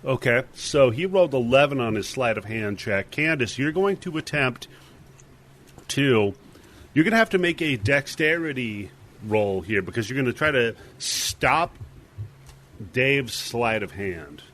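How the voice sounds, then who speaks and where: A man's voice: mid-range voice, lively intonation, unhurried, a bit bright. A man narrating a tabletop game as dungeon master, casual and given to laughing. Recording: faint hiss, clipping mic.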